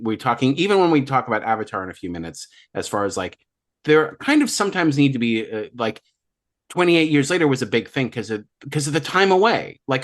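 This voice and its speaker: A man co-hosting a movie podcast, chatting casually and rambling through his points. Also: mid-range voice. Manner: rambling, many fillers and restarts. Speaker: podcast co-host. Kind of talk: casual chat.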